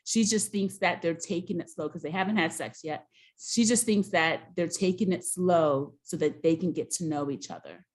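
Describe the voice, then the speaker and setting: A woman co-hosting a casual recap show, telling the story with lively, acted-out dialogue. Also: on the low side, moderate pace. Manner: animated storyteller, acts out quoted dialogue.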